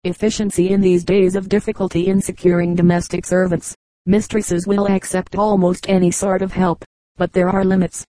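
A woman reading aloud a book of short jokes as an audiobook narrator, in a steady, even way. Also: fairly low pitch, normal speed, dry recording, poor audio. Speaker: audiobook reader. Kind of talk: scripted narration of a joke book.

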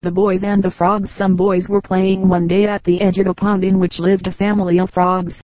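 A woman reading fables aloud as an audiobook narrator, in a calm, measured way. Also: medium pitch, dry recording, rough recording. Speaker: audiobook reader. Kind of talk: storybook narration.

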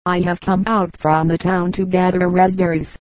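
A woman's voice: on the low side, level tone, normal speed, darkish tone, no echo, lightly acted, low-quality recording. A woman reading the part of a frightened young boy trying to speak firmly in a storybook.

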